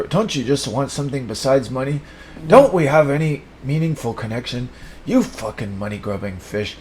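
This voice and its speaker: A man improvising an absurd, profanity-laced comedy monologue, rambling and swinging between mumbles and sudden shouts. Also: medium pitch, a little hiss or hum.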